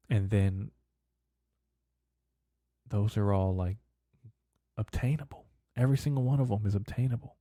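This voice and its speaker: A man in his twenties with a low, very dark and mellow voice talks on his podcast. He rambles in a loose, profane way, full of "bro" and "dude". The sound is dry and close, with no room around it. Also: normal speed, long pauses, no echo. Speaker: podcast host. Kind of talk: casual rambling monologue.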